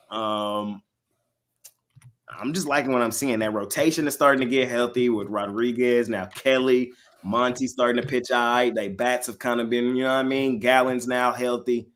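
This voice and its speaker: A man's voice: mid-range voice, fairly even intonation, normal speed, a bit bright. A man hosting a sports betting show, giving casual picks to his live chat and repeating lines for emphasis.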